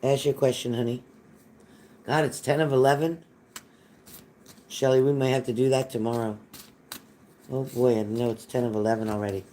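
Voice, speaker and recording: A man's voice: medium pitch, fairly even intonation, normal speed, long pauses, dark tone, a little hiss or hum. A man hosting a live-stream psychic reading, reassuring and folksy, repeating phrases and calling viewers honey. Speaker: psychic reader.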